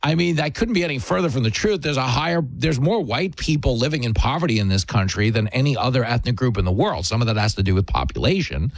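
A male talk radio host delivers an opinionated monologue with emphatic, sarcastic punches. His voice sits at an ordinary pitch, and it sounds dry and close to the mic. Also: expressive, quick pace, few pauses, no room sound.

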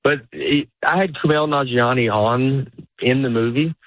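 A man's voice: mid-range voice, unhurried, no room sound. A man who is a stand-up comedian chatting casually in an interview, rambling with many restarts. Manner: rambling, restarts, laughs easily. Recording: dry phone-like radio sound.

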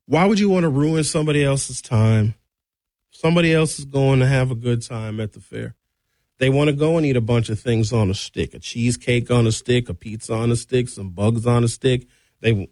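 Middle-aged male talk radio host, blunt and sarcastic, dry close mic. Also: no room sound. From Wisconsin. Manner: animated, blunt, sarcastic, with sudden high-pitched outbursts. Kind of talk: opinionated talk radio monologue.

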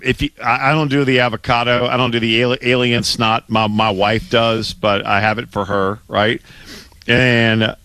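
A man co-hosting sports talk radio, speaking in a bright, forward voice. He banters emphatically with stammering restarts and mock exasperation. The sound is dry and close to the mic. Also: mid-range voice, level tone, normal speed, clear, resonant tone, no echo.

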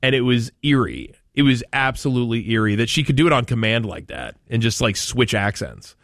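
A man's voice: medium pitch, very animated, brisk, a bit bright, dry recording, clean studio sound. A man from Maine hosting a talk radio show, chatting in a rambling way with frequent restarts. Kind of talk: casual talk radio chat.

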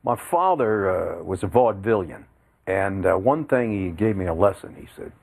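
A man's voice: low-pitched, normal speed, vocal fry. An older man, a veteran sportscaster, telling anecdotes as a guest and acting out quotes. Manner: lively storyteller, acts out quotes. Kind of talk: anecdotal storytelling.

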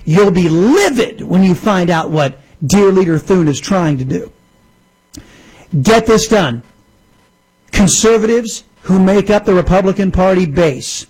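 A man's voice: high-pitched, a little mellow, breathy edge, low-quality recording. A man hosting casual political commentary, emphatic and repetitive, often calling his listeners folks. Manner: emphatic, repeats phrases, addresses folks.

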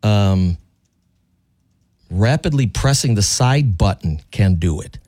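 A man's voice: takes it slowly, no echo, studio quality. A man casually telling a story on a talk show, acting out voices in his retelling. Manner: animated storyteller, acts out voices with high-pitched quotes and laughs. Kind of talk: casual radio-style chat.

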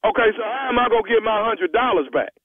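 A man's voice: extremely high pitch, wildly swooping pitch, fast, husky, no room sound. A blustering, stammering man phoning in a complaint for a comedy skit, heard over a tinny phone line. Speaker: caller. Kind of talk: comedic prank phone call.

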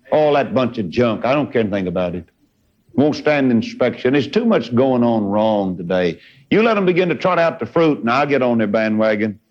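A man's voice: medium pitch, very animated, moderate pace, long pauses. A man preaching a sermon in a fervent, folksy way, with sudden rises in his voice. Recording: dull lo-fi recording.

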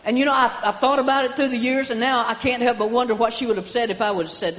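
A man's voice: very high-pitched, fairly even intonation, fast, hardly any pauses, a bit bright, big-room sound. A man doing stand-up comedy, telling stories about his mother and her sayings, with punchlines. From American South. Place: large hall with audience.

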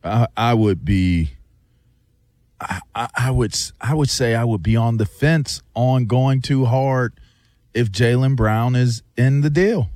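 A man's voice: mid-range voice, measured pace, a little mellow, no echo, studio quality. A man in casual sports debate, hesitant, with stumbling restarts.

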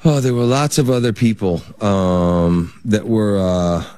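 A man, an actor guest in an interview, telling animated stories and laughing as he goes. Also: fairly low pitch, measured pace, no echo. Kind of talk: anecdotal interview storytelling.

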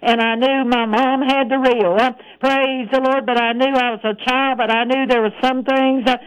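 Radio evangelist, woman, high and clear, fervent, peppers every line with praise. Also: fairly even intonation, normal speed, low-quality recording. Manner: fervent, punctuated with "praise the Lord" and "thank God". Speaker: radio preacher. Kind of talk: radio sermon.

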